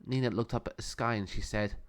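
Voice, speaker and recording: A man narrating a children's storybook aloud in a calm, steady reading voice. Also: fairly low pitch, fairly quick, clean tone.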